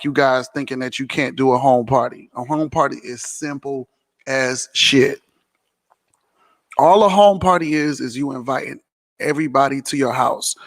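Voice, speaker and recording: A man's voice: mid-range voice, in a large hall. A man hosting a casual vlog and Q&A at home, teasing and laughing, then explaining things plainly. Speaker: host.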